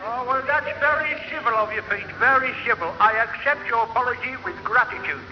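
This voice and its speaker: A man's voice: extremely high pitch, fairly quick, a little hiss or hum. A toothless-sounding, polite old man. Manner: polite, formal, mumbling. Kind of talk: 1960s radio comedy acting. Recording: dull lo-fi radio recording, music behind. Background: jukebox music.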